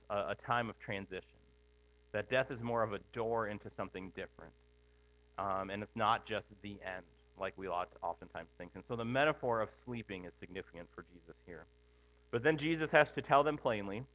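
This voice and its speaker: A middle-aged man preaching a sermon in a conversational way, thinking aloud with frequent asides. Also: lowish voice. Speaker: pastor. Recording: tinny phone-like sound with mains hum.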